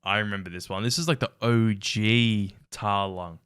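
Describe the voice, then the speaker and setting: A man's voice: fairly low pitch, steady tone, moderate pace, a bit bright, clear, resonant tone, no room sound, clean studio sound. A man hosting a casual reaction commentary, wry and incredulous, laughing often. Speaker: reaction video host.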